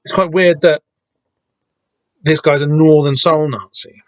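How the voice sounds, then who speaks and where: A man's voice: fairly high pitch, steady tone, a little slow, dry recording. A man hosting a podcast, talking casually and rambling with many restarts and the odd swear word. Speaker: podcast host discussing a comic.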